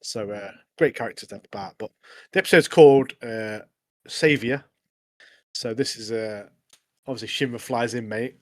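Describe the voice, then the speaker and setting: A man's voice: medium pitch, normal speed, pauses often. Man recapping episodes eagerly. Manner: animated recapping, frequent "mate". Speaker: podcast co-host. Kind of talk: casual chat.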